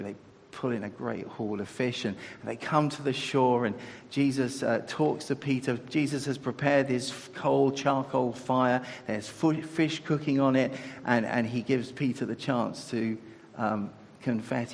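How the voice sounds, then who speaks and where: A man's voice: mid-range voice, vocal fry, slight background noise. A man preaching a sermon in a conversational way, asking his listeners rhetorical questions. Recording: echoey hall.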